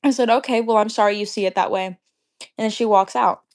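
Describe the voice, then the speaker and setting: A woman's voice: mid-range voice, fairly even intonation. Young woman livestreamer, casual storytime rant, heated and profane. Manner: heated, profane, talks fast when angry.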